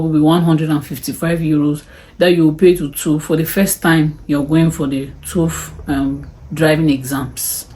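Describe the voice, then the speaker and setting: A woman's voice: sits low, dark tone. Chatty woman vlogger tallying costs. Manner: chatty, exclaims and sighs over the costs. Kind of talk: casual cost breakdown talk to camera.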